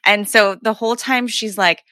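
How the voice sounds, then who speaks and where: A woman hosting a casual conversation, agreeable and relaxed as she tells a story. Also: a little high, normal speed, no echo.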